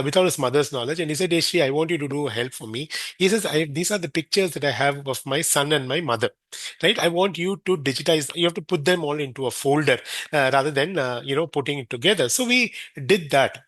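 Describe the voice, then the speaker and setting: A man with an Indian accent, a senior care expert guesting on a podcast, spins a long, rambling anecdote in a slightly high, fairly bright voice. He frequently acts out the words of the people in his story, and the recording has no echo.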